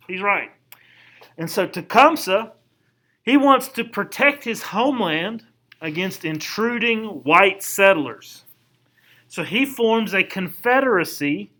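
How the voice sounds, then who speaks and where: A male history teacher with a high, bright voice gives a recorded lesson. He explains things in a loose, chatty way and drops slangy asides as he goes. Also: poor audio. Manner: casual, conversational lecturing with slangy asides. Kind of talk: recorded classroom lecture.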